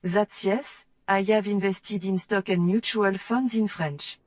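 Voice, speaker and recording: A woman's voice: mid-range voice, steady tone, slow, a little mellow, dry recording, distant mic, dull audio. A woman co-hosting a podcast, saying French phrases and translating them into English. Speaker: podcast co-host.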